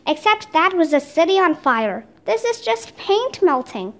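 A woman's voice: very high voice, big pitch swings, unhurried, fairly bright tone, exaggerated voice. Woman voicing an eager, upbeat young girl. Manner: upbeat, encouraging. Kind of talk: reading a children's book aloud.

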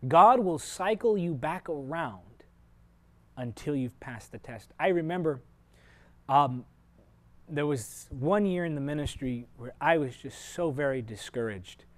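A man preaching a televised sermon, speaking to viewers directly and personally, moving from loud emphatic points to quiet, confiding asides. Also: fairly high pitch, animated, unhurried. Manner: earnest, shifts sharply between loud emphasis and quiet asides.

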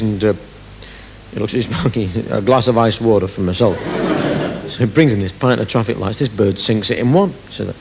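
A man's voice: on the low side, fairly quick, gravelly, a little mellow, a little hiss or hum. A man doing stand-up comedy on a theatre stage, rambling through a story and laughing at his own jokes.

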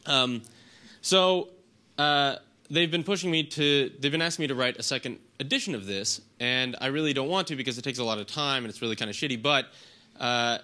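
A man's voice: mid-range voice, a little fast, bright, forceful tone. Man with a sick, nasal voice. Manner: hesitant, many ums and restarts. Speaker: conference speaker giving a lightning talk. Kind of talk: casual conference talk. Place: conference room with audience.

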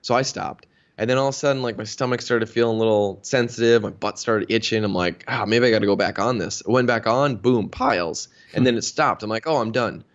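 Lively man telling a story, lo-fi. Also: on the low side, brisk. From Minnesota. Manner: animated storyteller, acts out quoted dialogue. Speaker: interview guest, health practitioner. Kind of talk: casual interview storytelling. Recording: dull lo-fi sound.

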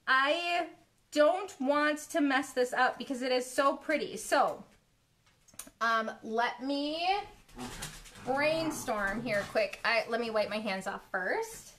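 A woman hosting a live paint pouring demo from her home studio, chatting with viewers in a giggly, easily excited way. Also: sits high, slow pace. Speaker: art studio host. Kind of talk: live craft demo chat. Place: home studio, dogs in the house. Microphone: live stream from a phone or camera.

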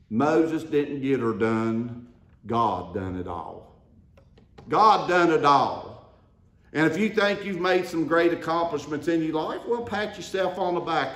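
A man preaching a sermon, calling the congregation to answer and building to emphatic declarations. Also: a little high. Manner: call-and-response preaching, rising to emphatic declarations. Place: church sanctuary. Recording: roomy church echo.

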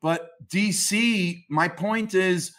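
Emphatic, ranting man with a higher voice. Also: very slow, fairly bright tone. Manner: emphatic, ranting, swears casually. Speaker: comics historian guest. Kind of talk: opinionated interview talk.

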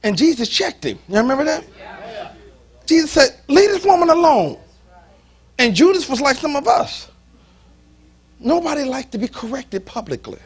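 Pastor guy preaching in church, really high husky voice, bounces all over. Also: moderate pace, pauses often. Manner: animated storytelling, acts out biblical voices, folksy. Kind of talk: sermon.

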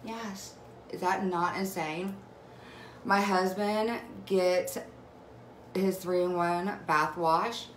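A young woman with a low-pitched voice gushes about skincare in an excited, emotional live chat. She is recorded on a phone mic in an echoey room at home, with a faint hiss behind her. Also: very slow, long pauses. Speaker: direct sales vlogger. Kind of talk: casual live video chat.

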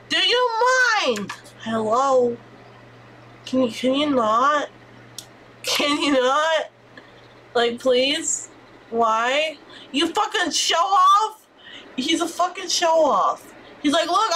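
Sex: woman. Style: excitable gameplay streamer. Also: sits high, slight background noise. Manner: excitable, swearing, exclamatory, chatty. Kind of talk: live gameplay commentary.

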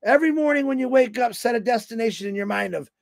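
A man in his fifties talks in a high, raspy voice with a lot of gravel. He rambles through a folksy motivational talk on a livestream and acts out the voices of the people in his stories. The sound is dry and close. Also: lively intonation, fast talker, no echo. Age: 50s. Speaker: motivational speaker on a company livestream.

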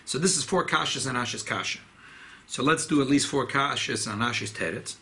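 A man, a rabbi, giving a classroom Torah lecture in an animated, emphatic way, often repeating key phrases. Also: medium pitch, brisk. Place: study hall classroom.

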